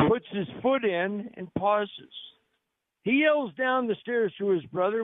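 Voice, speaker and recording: A male radio host with a high-pitched voice, pitching specials and telling jokes in an upbeat, salesman-like way. The sound is thin and phone-like, with a dry, close feel and no room sound. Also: measured pace, no echo. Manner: upbeat salesman-like delivery, jokey. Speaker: radio talk show host. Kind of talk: live radio show with promotional patter. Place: on location at a restaurant.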